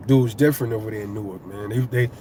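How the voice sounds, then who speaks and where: On his boxing channel, a middle-aged man with a New York accent delivers rambling, profane, increasingly heated fight talk. He speaks quickly in a lowish, warm voice, and there's some faint hiss or hum.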